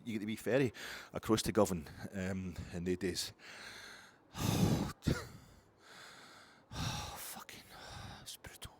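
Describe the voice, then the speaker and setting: A man's voice: low-pitched, husky. A middle-aged man with a Glasgow accent, chatting on his own fan podcast in a rambling, digressive, sweary way. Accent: Scottish, Glasgow. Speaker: podcast host. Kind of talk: solo fan podcast chat. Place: outdoors in the cold.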